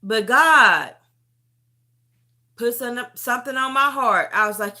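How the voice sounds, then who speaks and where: A middle-aged woman sharing a personal testimony on a live stream, telling her story with animated emotion and close to tears, often calling the listener "beauty". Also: on the high side, unhurried. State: near tears.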